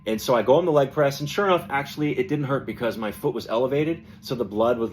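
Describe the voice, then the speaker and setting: A man hosting a podcast, telling a personal story in a casual, animated way and acting out the voices of people he quotes. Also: medium pitch, quick pace, hardly any pauses, soft background music. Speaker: podcast host.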